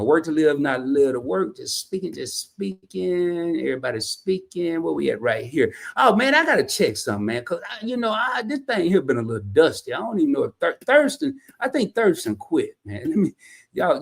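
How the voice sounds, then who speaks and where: A man hosting a casual livestream, reading viewer comments in a folksy, slangy, animated way. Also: a little high, creaky. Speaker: livestream host.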